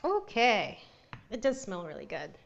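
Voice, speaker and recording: A woman's voice: medium pitch, wildly swooping pitch, unhurried, creaky, dull audio. A woman from Northern California hosting a casual live cooking demo, chatty and giggly and laughing often. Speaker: host of a cooking show.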